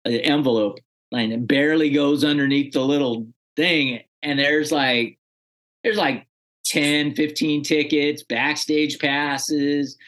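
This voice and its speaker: A man's voice: mid-range voice, fairly bright tone. A man being interviewed, chatting casually as he tells a story in a slangy, easygoing way. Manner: chatty, slangy, acts out quoted dialogue. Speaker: interview guest.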